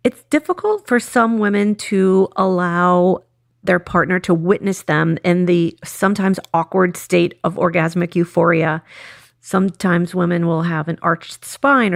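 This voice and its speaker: A woman sex therapist giving a calm, measured lecture built around a client story. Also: fairly low pitch, vocal fry, no echo, studio quality. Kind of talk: scripted lecture with case story.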